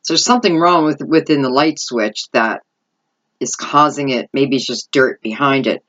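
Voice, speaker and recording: A middle-aged tarot reader gives an intuitive reading in a bass voice, rambling and thinking aloud with plenty of "I feel like" asides. She speaks at a moderate pace, her tone slightly bright, and the sound is lo-fi.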